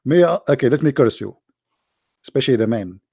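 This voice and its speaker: A man's voice: mid-range voice, animated, fairly quick, creaky, warm tone, slightly rough, dry recording, clean studio sound. A man with joking and rambling in a teasing voice chat. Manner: teasing, rambling, non-native phrasing. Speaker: chat room speaker.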